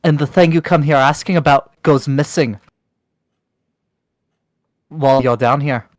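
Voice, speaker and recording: A man's voice: fairly high pitch, unhurried, no echo, clean studio sound, lightly acted. A man putting on a suspicious duergar matriarch. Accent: put-on Scottish. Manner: accusing, interrogating. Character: suspicious female duergar leader, small and stern.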